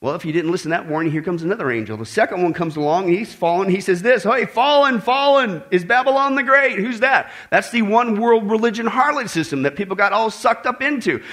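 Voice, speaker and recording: A man preaching a sermon to a congregation, emphatic and animated, with joking asides and repeated warnings. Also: sits high, fast talker, few pauses.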